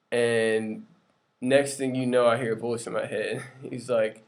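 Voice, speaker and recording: A young man tells a personal faith story in an earnest, chatty way, filling it with ums and likes. His voice sits at an ordinary middle pitch. He slips into the voices of the people he quotes as he talks. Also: flat delivery, unhurried. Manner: acts out quoted dialogue in shifting voices. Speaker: retail store worker sharing a faith testimony. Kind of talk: casual personal testimony vlog.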